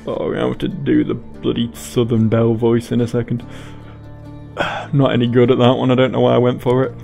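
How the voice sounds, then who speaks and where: A man's voice: mid-range voice, completely flat delivery, a little fast, creaky, dark tone, faint music behind. A man reading game text aloud with playful asides while he plays. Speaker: gaming YouTuber. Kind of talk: game narration and commentary.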